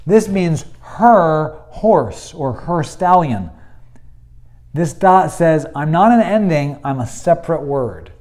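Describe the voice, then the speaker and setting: A man's voice: on the high side, darkish tone. A man, teaching a Hebrew grammar lesson, patient and explanatory, with many fillers.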